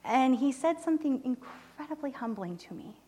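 Woman preaching, tells her story all animated, goes soft and teary, kinda high voice. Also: moderate pace, slightly rough. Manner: animated storytelling, voices quoted people, drops to soft near-whispers; emotional, close to tears. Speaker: church speaker reporting on mission trip. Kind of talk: sermon testimony.

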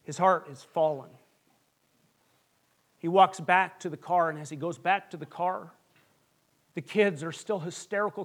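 A man preaching a sermon, telling a long joke story with dramatic pauses that drop to a hush. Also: high-pitched. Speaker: pastor.

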